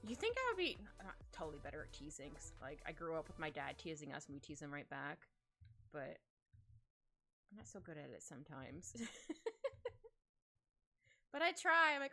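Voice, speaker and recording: A woman streamer talks casually while she draws at home, her voice bright and rising and falling in lively swoops. She rambles and giggles her way through stories, and soft music plays faintly under her. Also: sits low, normal speed, long pauses. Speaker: livestreaming artist. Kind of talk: casual chat while drawing. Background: soft background music.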